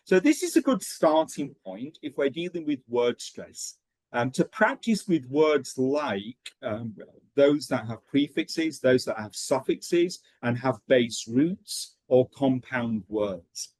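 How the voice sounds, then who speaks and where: A man running an online teacher training session, talking in a steady rhythm with frequent ums and okays. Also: medium pitch, slow, no echo, poor audio.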